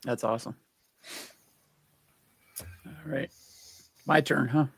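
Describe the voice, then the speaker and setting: A man's voice: medium pitch, steady tone, takes it slowly, creaky, slightly rough, no room sound, clean studio sound. A man co-hosting a movie podcast, chiming in with short, affirming remarks. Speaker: podcast co-host. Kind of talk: casual chat.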